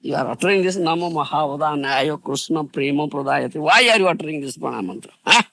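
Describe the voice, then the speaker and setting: A man's voice: on the high side, lively intonation, fast talker, vocal fry, bright, forceful tone. A man giving a devotional lecture, emphatic and repetitive, often asking listeners whether they understand. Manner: emphatic, repeats phrases, asks "you understand?", laughs. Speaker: spiritual teacher.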